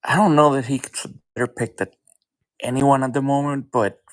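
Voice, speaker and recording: A man's voice: mid-range voice, steady tone, brisk, no room sound. Male caller, hesitant and noncommittal, dry sound. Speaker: caller on a stream.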